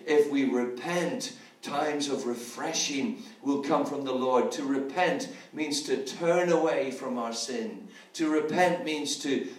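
A man's voice: a little high, far from the mic. A man preaching an evangelistic sermon, earnest and pleading, leading listeners in prayers he speaks aloud. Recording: roomy, from off-mic.

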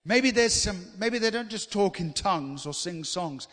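A man preaching a sermon, animated and swinging between loud emphasis and quiet asides. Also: sits high, normal speed, few pauses. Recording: long hall reverb.

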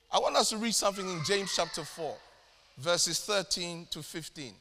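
A man preaching a sermon to his congregation, emphatic and slowing down to stress key phrases. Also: sits high, bright, forceful tone. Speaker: pastor. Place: church hall. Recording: long hall reverb.

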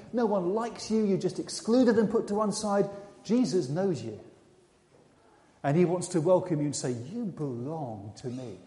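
A man preaching a sermon, retelling a Bible story as a dramatic storyteller who turns quiet and intimate. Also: high-pitched. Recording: echoey hall with long reverb.

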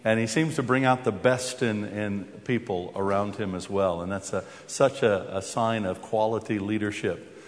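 An American man preaching a sermon as a visiting speaker, with halting restarts and wry humor before a scripture reading. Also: fairly low pitch, steady tone. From United States. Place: church. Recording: long hall reverb.

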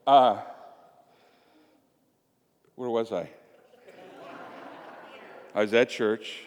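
A man's voice: mid-range voice, steady tone, extremely slow, darkish tone. A man preaching a chatty, joking sermon to his congregation, acting out little scenes as he goes. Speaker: pastor. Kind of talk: conversational sermon. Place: church sanctuary. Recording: echoey church hall.

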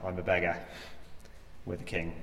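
A man's voice: low-pitched, monotone, normal speed, slight background noise. A man giving a sermon as a preacher, in a conversational, reflective way with frequent fillers. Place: church hall. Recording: echoey church hall.

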